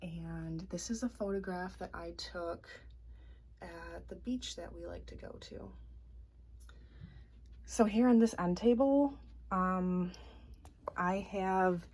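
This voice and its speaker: A woman with a low, dark-edged speaking voice chats casually as she walks a camera around her room. She rambles and hesitates, filling gaps with "um" and "like" as she points things out. The tone is personal and unpolished, a relaxed home video. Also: slow pace, pauses often, slightly rough. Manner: rambling, hesitant, many ums and likes. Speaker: vlogger. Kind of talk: casual home tour chat.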